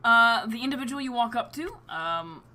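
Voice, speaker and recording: A woman narrating as game master for a tabletop game, unhurried and halting, with frequent fillers. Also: a little high, animated, pushed and bright.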